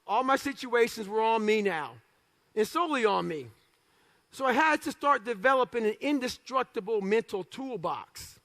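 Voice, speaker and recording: A man giving a live motivational speech, telling his life story bluntly and with profanity, acting out the dialogue and breaking into shouts and laughing asides. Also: very high-pitched, gravelly. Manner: lively storyteller who acts out dialogue. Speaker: motivational speaker.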